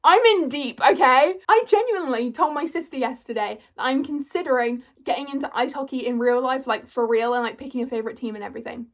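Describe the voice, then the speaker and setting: A twenty-year-old British woman rambling excitedly to camera as a fan, gushing and full of fillers. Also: high voice, quick pace, few pauses. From Britain. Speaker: vlogger.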